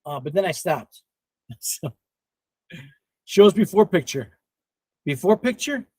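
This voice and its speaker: A man in his fifties hosting a casual livestream and reading the chat, excitable, laughing often and swearing freely. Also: sits high, a little slow, breathy edge, dry recording. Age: 50s.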